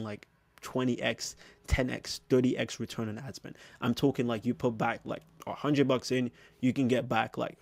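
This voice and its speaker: Here a business coach speaks directly to the camera in a darkish, medium-pitched voice with no room sound. He talks fast and casually, leaning heavily on filler phrases.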